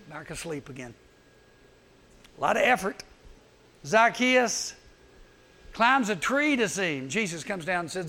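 A man preaching a humorous sermon to teenagers, with a high-pitched voice. He is animated, teases his listeners and keeps slipping into quick character voices. His delivery stays lively throughout. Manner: animated, acts out quick voices, teasing asides. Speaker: youth camp speaker.

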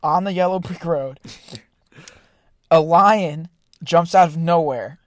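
A chatty podcast host talking casually and rambling with restarts. The pitch sits mid-range, and the sound is dry and close with no room around it. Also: takes it slowly, no room sound. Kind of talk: casual chat.

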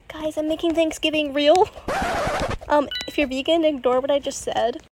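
A teenage girl hosting a gaming podcast, chatting casually and excitably while she plays, rambling and saying "literally" a lot. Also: sits high, moderate pace, poor audio. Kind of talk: casual gameplay commentary. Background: game music.

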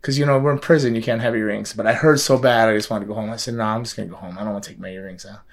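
A man's voice: lowish voice, steady tone, very fast. A man telling a long, rambling story in casual conversation, often repeating words and laughing. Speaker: guest telling a film extra story.

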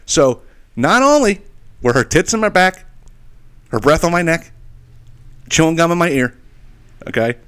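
A man's voice: on the high side, very animated, unhurried, pauses often, fairly bright tone, clear, resonant tone. A man hosting a podcast, telling a story as a profane, exasperated solo rant and checking in with listeners with a constant "okay?". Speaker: podcast host.

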